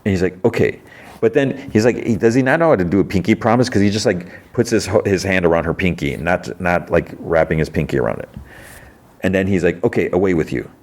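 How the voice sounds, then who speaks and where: A man's voice: sits low, fairly quick, darkish tone. A man hosting a podcast, casually retelling a TV episode and quoting the characters' lines. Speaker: podcast host.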